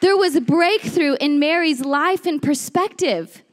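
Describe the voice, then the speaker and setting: A woman preaching a sermon in a church, lively and animated, often breaking into shouts and acted-out quotes. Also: high voice, measured pace. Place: church sanctuary. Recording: long hall reverb.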